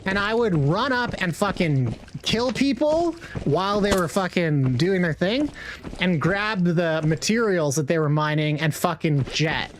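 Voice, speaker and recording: A man's voice: high-pitched, lively intonation, a little slow. Foul-mouthed young man rambling, noisy stream audio. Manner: rambling, heavy swearing, slangy. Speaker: game streamer. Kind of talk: casual chat while gaming.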